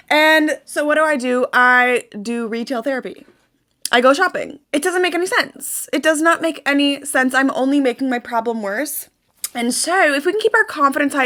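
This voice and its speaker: A woman's voice: fairly high pitch, fairly bright tone. A young woman hosting a casual self-help vlog, chatty and upbeat with lots of fillers, speaking into a desk mic. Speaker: host.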